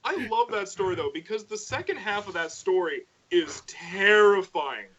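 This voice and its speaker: A man on a casual podcast stream, retelling a myth in lively detail and briefly voicing the characters as he goes. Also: high voice, normal speed, crowd noise. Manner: animated storyteller, voices characters in passing. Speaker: co-host. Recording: dull lo-fi sound.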